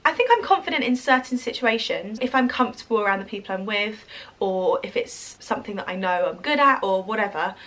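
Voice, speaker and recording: A woman with an English accent that drifts toward American, talking casually and quickly to camera as an influencer, with lots of "like" and "um". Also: mid-range voice, animated, a bit bright. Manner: fast, chatty, full of "like" and "um". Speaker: social media influencer.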